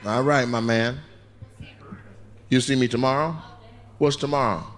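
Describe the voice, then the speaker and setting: A stand-up comedian works the crowd from a club stage, brashly and profanely teasing audience members into a handheld mic. His medium-pitched voice is unhurried with fairly even intonation, and the live club recording is noisy.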